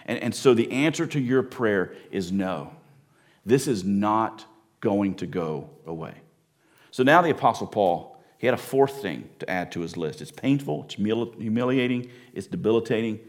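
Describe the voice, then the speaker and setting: A man's voice: fairly low pitch, animated, normal speed. Emphatic man preaching a sermon. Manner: emphatic, builds by repeating phrases. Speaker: pastor. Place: church before a congregation.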